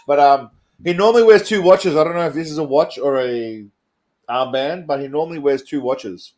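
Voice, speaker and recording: A man's voice: fairly high pitch, moderate pace, a little mellow. A man hosting a casual comedy stream, crude and mocking, laughing often and talking to his chat. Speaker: stream host.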